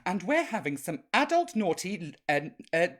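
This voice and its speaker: A man's voice: sits high, very animated, moderate pace. A man hosting a live-streamed chat show as a cheeky camp drag grandmother, reading out viewer comments in a chatty, naughty way. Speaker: drag host playing a grandma.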